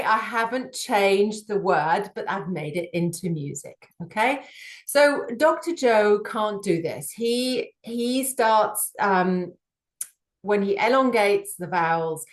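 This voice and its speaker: Unhurried female speaker, singing background, thoughtful explainer, roomy reverb. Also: medium pitch. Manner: measured, thoughtful, with frequent fillers. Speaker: singing professional analyzing voices. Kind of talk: explanatory talk to camera.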